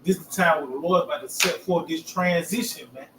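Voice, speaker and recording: A man's voice: fairly high pitch, a little fast, background noise. A man speaks casually about scripture, ending phrase after phrase with "man". The sound is echoey and distant, with faint background ambience. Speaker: group member in scripture discussion. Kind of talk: casual group discussion of scripture.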